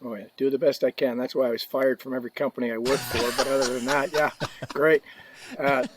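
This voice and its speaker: A man's voice: medium pitch, little pitch movement, a little fast, noisy background. An older man, a podcast guest, telling joking stories in a casual, anecdotal way. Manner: joking, anecdotal, drops in hushed asides. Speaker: podcast guest, equipment representative. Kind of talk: casual storytelling.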